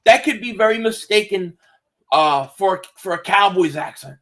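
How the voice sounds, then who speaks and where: Male live-stream host, high bright voice, loose excitable play-by-play and chat. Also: moderate pace. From Philadelphia area. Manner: loose and excitable, swearing, reading chat aloud. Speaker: streamer reacting to a football game. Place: home, indoors.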